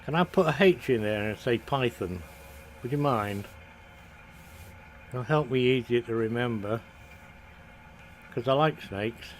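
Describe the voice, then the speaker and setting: A man's voice: medium pitch, measured pace, pauses often, slight background noise, rough recording. A Scottish man giving casual live commentary while playing a game, jokey and laughing at his own mistakes, chatting to viewers. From Scotland. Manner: chatty, jokey, laughs at himself, hums along. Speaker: game streamer.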